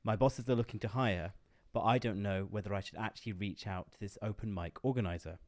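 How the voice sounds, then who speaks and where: Brief: podcast co-host reading a listener letter, lowish voice, dry. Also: male voice, no room sound. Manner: measured reading with frequent "uh".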